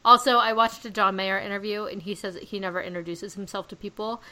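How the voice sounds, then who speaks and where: A woman hosting a pop culture podcast, chatting casually and telling animated stories. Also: mid-range voice, fast talker, low-quality recording. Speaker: podcast host. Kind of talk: casual chat.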